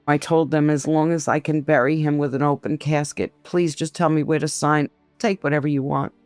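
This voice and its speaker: A woman in her sixties slowly recounting a painful personal memory in an interview, often quoting what others said. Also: low voice, a little mellow, dry recording. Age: 60s. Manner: slow, grief-laden retelling, quoting others' words. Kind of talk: personal testimony.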